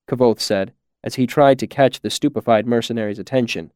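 A man narrating a story in a measured, expressive way. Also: medium pitch, clean tone, no room sound, clean studio sound. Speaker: audiobook narrator. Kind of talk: scripted narration.

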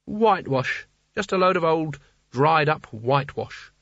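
A man's voice: a little high, unhurried, no echo. A man voicing a curt, irritable young woman. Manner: curt, flat, firm. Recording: dull dry audiobook recording.

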